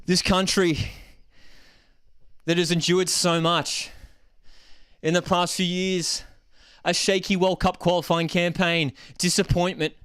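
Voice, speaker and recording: A young man hosting a live football watchalong, celebrating loudly and reading out chat messages. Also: high voice, level tone, slow, pauses often, clear, resonant tone, dry recording, clean studio sound. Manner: ecstatic, shouting, calls everyone man and dude.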